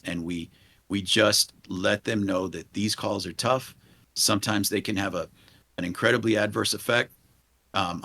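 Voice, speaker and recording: A man in his forties speaks as a guest in a podcast interview. His voice sits on the low side. He talks in an earnest, halting way and often restarts his sentences. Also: vocal fry, fairly bright tone, husky. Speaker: police leader and guest.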